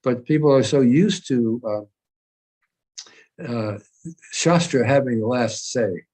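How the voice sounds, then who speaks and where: An older man speaking as a guest over a video call. He tells his memories in a measured, unhurried storytelling way. His pitch sits in an ordinary middle range. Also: a little mellow, low-quality recording. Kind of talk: reminiscing conversation.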